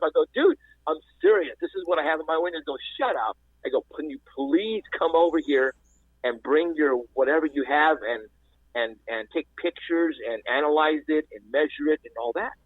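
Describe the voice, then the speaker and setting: A man, calling into a radio show and telling a story in a rambling, animated way with lots of restarts. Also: a little high, dry recording. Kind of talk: casual storytelling. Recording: dry, husky phone-line audio.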